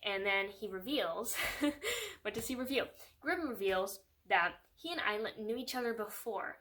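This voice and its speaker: A young woman talks straight to her viewers in a loose, chatty way, piling on "like" and mock-serious asides. Her tone is wry and sarcastic, and she laughs easily. Her voice sits at an ordinary middle pitch. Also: sing-song, a little slow, pushed and bright. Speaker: book reviewer. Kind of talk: casual chat.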